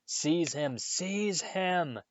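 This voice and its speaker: A cruel male dark wizard hisses his threats in a low, snarling voice, put on by a man reading a storybook. The recording sounds dull and dry. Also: normal speed, dry recording, close to an everyday voice. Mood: screeching.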